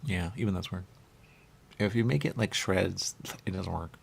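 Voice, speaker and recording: Gravelly man rambling in playful sing-song. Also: deep voice, moderate pace, a little hiss or hum. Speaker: radio show host. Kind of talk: rambling solo talk.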